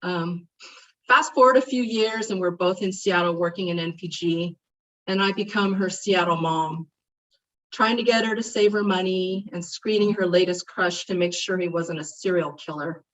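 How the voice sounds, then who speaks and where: With a fairly low voice and moderate pace, a middle-aged woman eulogizes a dear friend at a memorial service, reminiscing warmly and turning animated during her stories. The recording comes from a distant, muffled mic.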